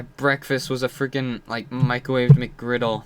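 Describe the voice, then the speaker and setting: A man giving casual gameplay commentary, rambling and frustrated, muttering low and then yelling out. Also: measured pace, noisy background. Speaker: gamer playing and commenting.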